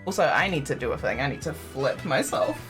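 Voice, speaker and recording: A woman's voice: rumbling low, expressive, a little fast, fairly bright tone, faint music behind. A young woman streaming a game, chatting casually with viewers, giggling often and poking fun at her own setup. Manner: giggly, chatty, self-deprecating. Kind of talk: casual live-stream chat.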